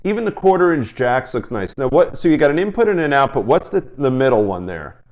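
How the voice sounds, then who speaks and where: Um homem que apresenta uma entrevista casual por chamada de vídeo e fala com entusiasmo, recomeçando as frases. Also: male voice, mid-range voice, sing-song, darkish tone. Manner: enthusiastic, talks in quick restarts. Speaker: interview host. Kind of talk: casual video-call interview. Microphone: video call.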